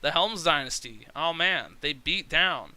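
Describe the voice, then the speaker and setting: A man's voice: fairly high pitch, expressive, measured pace, bright, forceful tone. A man giving casual, rambling commentary on a wrestling management game, chatty and full of fillers. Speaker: let's play commentator.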